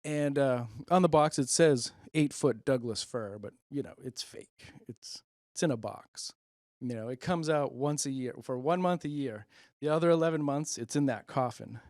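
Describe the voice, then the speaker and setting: A man's voice: mid-range voice, moderate pace, hardly any pauses, a little mellow, no echo, clean studio sound. A middle-aged man hosting a stand-up comedy monologue, rambling with self-deprecating, muttered asides. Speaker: comedian host.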